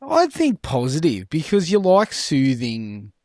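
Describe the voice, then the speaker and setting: A man with a fairly high, unhurried voice, recorded dry with clean studio sound. He co-hosts a sports podcast, swearing and joking in a wry, deadpan way as he reads spoof headlines in casual chat.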